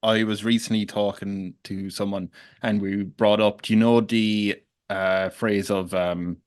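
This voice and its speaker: A man hosting a casual podcast chat, telling rambling stories with animated asides. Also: fairly low pitch, a little slow, clean tone, no echo, studio quality. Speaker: podcast host.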